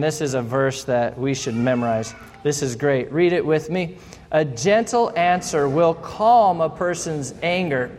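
A man with a high voice preaches to a congregation in a playful, animated way, acting out short exchanges to make each point. His voice carries a long reverb, as in a large hall. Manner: animated, playful, acts out little quoted exchanges. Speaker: pastor. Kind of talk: sermon.

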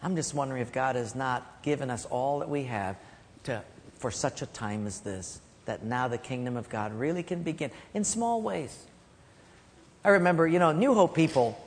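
Pastor in a reverberant church hall. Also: male voice, mid-range voice, animated, moderate pace. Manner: storytelling, drops to a soft hush for key points. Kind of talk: sermon. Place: church sanctuary.

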